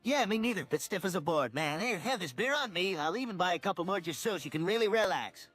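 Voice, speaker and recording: A synthetic man's voice playing a smarmy, flattering cartoon neighbor man. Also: high voice, fairly quick, slightly rough, soft background music, heavily acted.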